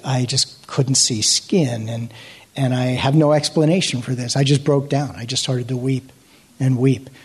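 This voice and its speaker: A man telling a moving personal story, halting and restarting, often dropping to a hushed near-whisper. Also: mid-range voice, breathy edge. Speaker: actor sharing a testimony.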